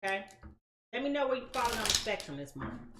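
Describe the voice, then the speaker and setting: A woman's voice: mid-range voice, sing-song, fast talker, echoey room, very noisy. A woman giving a casual live-stream tarot reading, chatty and slangy, talking straight to her viewers. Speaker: tarot reader.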